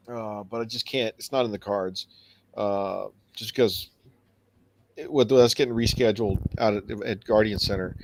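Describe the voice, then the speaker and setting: A man's voice: mid-range voice, darkish tone, slight background noise. A man co-hosting a live stream, chatting casually in a rambling way with many fillers. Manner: rambling storyteller, acts out quoted dialogue, many fillers. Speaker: podcast co-host. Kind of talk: casual chat. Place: home studio for a live stream.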